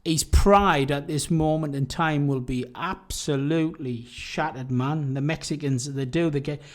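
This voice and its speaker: A man's voice: on the high side, measured pace. A man co-hosting a boxing podcast, talking casually and often trailing off and restarting mid-thought. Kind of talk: casual debate.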